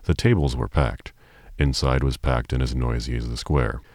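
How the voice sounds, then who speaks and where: Male audiobook narrator, extremely deep voice, calm and measured, dry booth sound. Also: dry recording.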